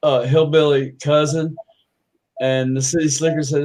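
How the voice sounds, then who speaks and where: A man's voice: on the high side, little pitch movement, measured pace, a little mellow, low-quality recording. A man telling crude jokes on a livestream in a casual, rambling way with frequent restarts. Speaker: livestream host, joke teller.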